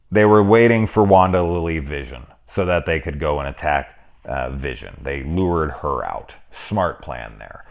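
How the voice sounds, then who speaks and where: Deep-voiced man rambling about movies. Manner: loose, rambling, swears freely. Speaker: film reviewer. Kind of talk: casual spoilery movie discussion.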